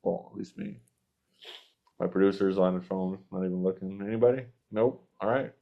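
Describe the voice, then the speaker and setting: A man's voice: deep voice, moderate pace, gravelly. A man hosting a podcast, casually rambling through anecdotes with a chuckle here and there. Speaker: podcast host. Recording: dull lo-fi podcast audio.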